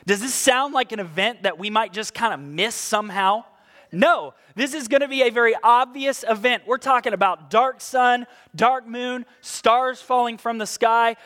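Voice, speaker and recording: A man preaching a conversational sermon as pastor, reading scripture slowly and with emphasis. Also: high voice, fairly bright tone. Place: church.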